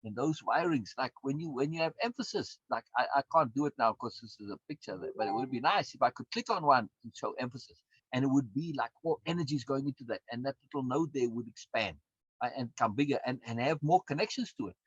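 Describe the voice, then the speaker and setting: A man's voice: mid-range voice, expressive, fast talker, breathy edge, no echo. A man, a course instructor and coach, giving a recorded lecture in an emphatic way, repeating words and often adding tag questions. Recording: dull, dry lo-fi sound.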